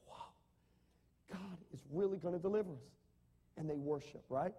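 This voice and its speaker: A man delivers a sermon in a high but mellow voice. He asks his listeners rhetorical questions and reads scripture aloud with growing emphasis. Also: husky. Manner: animated, rising to emphatic reading of scripture. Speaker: pastor.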